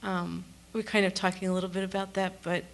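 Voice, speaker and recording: A woman's voice: medium pitch, level tone, brisk, creaky. A woman in the audience asking the panel a tentative, hesitant question.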